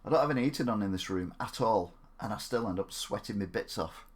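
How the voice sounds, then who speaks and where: A man's voice: fairly low pitch, quick pace. A man chatting casually on a gaming live stream. He jokes around, mocks himself and rambles. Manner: jokey, self-mocking, rambling.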